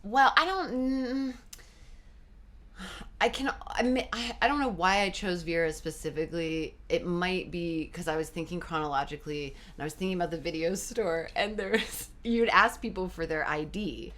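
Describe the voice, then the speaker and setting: A woman guest in a casual interview, telling animated stories, laughing often and acting out quoted dialogue. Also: on the low side, moderate pace.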